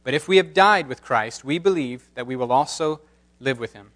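A man's voice: mid-range voice, expressive, normal speed, fairly bright tone. A man pastor reading scripture and preaching a sermon with emphatic, impassioned delivery.

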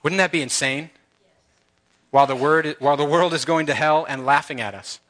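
Church elder, man, fervent sermon delivery, somewhat high and sharp voice. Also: a little fast. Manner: earnest, impassioned, talks straight to the congregation.

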